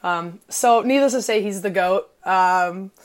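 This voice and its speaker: Excitable young woman from illinois chatting on a podcast, says like a lot, gushes. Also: mid-range voice, unhurried. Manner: excitable, gushing, heavy on "like" fillers. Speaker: podcast co-host. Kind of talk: casual podcast chat.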